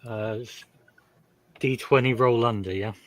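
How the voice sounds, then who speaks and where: A man playing a tabletop game speaks calmly and matter-of-factly. His voice sits in the middle range, and his talk is casual. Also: mid-range voice, measured pace, dry recording. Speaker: player. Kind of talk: casual play chat.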